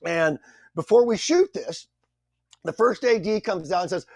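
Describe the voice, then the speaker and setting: High-voiced middle-aged actor telling stories. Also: male voice, measured pace, long pauses, no echo. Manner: animated, self-deprecating, acts out quotes. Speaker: guest actor. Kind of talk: anecdotal storytelling.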